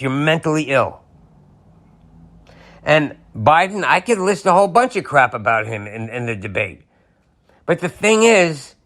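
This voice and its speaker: A man's voice: mid-range voice, a bit bright. A man hosting a podcast, delivering an angry, sarcastic political rant with some profanity. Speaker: podcast host.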